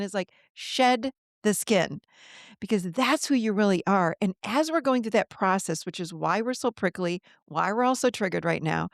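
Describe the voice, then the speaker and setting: Earnest woman with a gravelly edge. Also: medium pitch, moderate pace, no echo, studio quality. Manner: earnest, animated, acts out quoted voices. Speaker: guest. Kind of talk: podcast interview, coaching talk.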